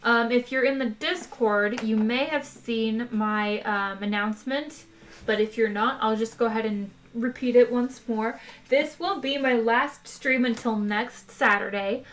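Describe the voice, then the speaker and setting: A woman's voice: on the high side, measured pace. A woman reading a novel aloud on a live stream, then chatting casually with viewers. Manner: relaxed, chatty, with fillers. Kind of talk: read-aloud narration and casual chat.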